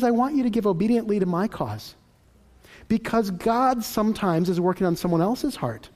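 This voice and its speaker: A man leads a church teaching session like a relaxed storyteller. His voice sits a little high for a man, and he slips into the people in his anecdotes as he talks them through. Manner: lively storyteller who acts out dialogue, conversational. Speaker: Christian teacher. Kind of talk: sermon-style teaching with personal stories.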